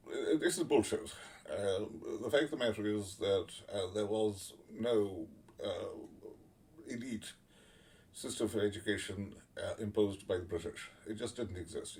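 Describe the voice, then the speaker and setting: A man giving casual spoken commentary, blunt and sardonic, swearing freely and pausing often on fillers. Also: on the low side, a little mellow. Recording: voice a little far from the mic.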